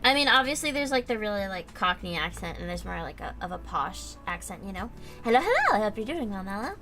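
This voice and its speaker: Her medium-pitched voice is sharp and lively, moving at a quick pace. She's a young American woman casually chatting on a livestream as she builds a model kit, reading chat aloud and filling gaps with fillers, with faint music behind her.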